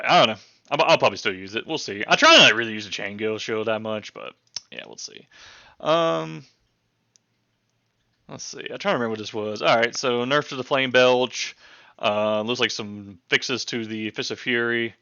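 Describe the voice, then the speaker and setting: A man's voice: medium pitch, expressive, moderate pace, bright, forceful tone, smooth, no room sound, dull audio. A man casually going over game patch notes for his channel, rambling and chatty with many ums, hiccuping now and then. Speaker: gaming channel host.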